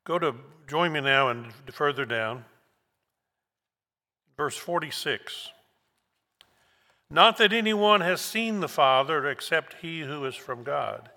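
A man preaching a sermon verse by verse, slow and emphatic, repeating key words for weight. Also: fairly high pitch, expressive, pushed and bright. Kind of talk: expository sermon. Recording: long hall reverb.

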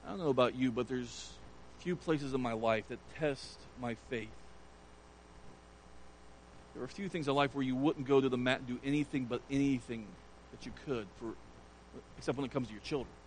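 A man's voice: mid-range voice, moderate pace, pauses often, a little hiss or hum, low-quality recording. A man preaching a sermon, retelling a scripture story with earnest emphasis. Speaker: pastor.

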